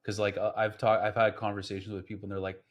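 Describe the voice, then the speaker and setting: A man's voice: lowish voice, little pitch movement, quick pace. A man chatting on a casual podcast, eager and agreeable.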